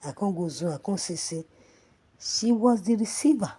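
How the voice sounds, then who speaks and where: Ranting Nigerian woman, husky voice. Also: expressive, normal speed. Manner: angry, mocking, swings from loud shouting to low mutter. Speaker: social media commentator. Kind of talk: ranting gossip vlog in pidgin and Yoruba.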